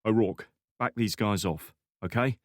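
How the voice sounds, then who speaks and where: A man voicing a calm male CIA operative who gives orders and reassurance in a steady voice. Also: on the low side, unhurried, no room sound, clean studio sound, lightly acted. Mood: commanding.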